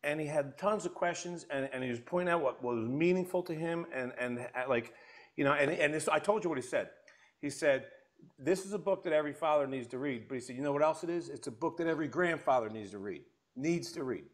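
A man's voice: a little high, fast. A man hosting an interview show, chatting casually and enthusiastically, often restarting his sentences. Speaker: podcast host.

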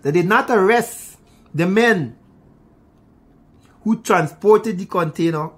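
A Guyanese-accented man rants heatedly about the news, cursing, repeating himself, and addressing viewers directly. His voice is high-pitched and slow, with a breathy edge.

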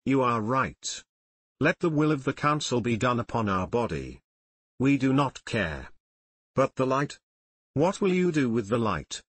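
In this audiobook, an earnest young outcast inventor, read by a man, pleads with the men around him. The husky voice stays at a middle pitch and sounds close and dry. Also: big pitch swings, a little slow, fairly bright tone, no room sound, heavily acted. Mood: pleading.

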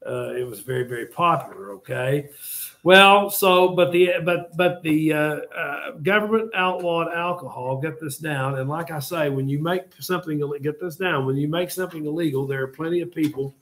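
An older man teaches a class with a slightly high voice. He rambles through jokey stories and asides to his students as he lectures. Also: moderate pace, fairly bright tone. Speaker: history teacher.

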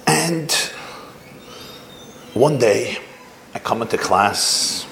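This is a man lecturing as a rabbi, with an ordinary mid pitch and an animated storyteller's delivery. He draws his audience in with questions. The recording is echoey and roomy, with faint background noise. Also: extremely slow, vocal fry.

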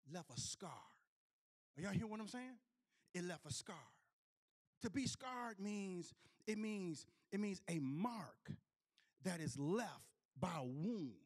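Man, preacher, high voice, sermon storytelling, repeats and restarts, talks to congregation. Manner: repetitive restarts, calls out to the congregation.

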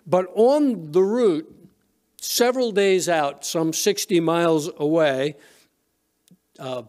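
A man's voice: on the high side, takes it slowly, a little mellow. A male pastor preaching a sermon in a church, retelling a story conversationally with frequent restarts. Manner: storytelling, retelling scenes with quoted voices. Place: church sanctuary.

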